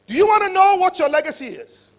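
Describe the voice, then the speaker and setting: A man's voice: extremely high pitch, fast. A middle-aged man gives a motivational conference speech, telling a story and acting out the dialogue. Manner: animated, acts out dialogue in stories. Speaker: conference speaker.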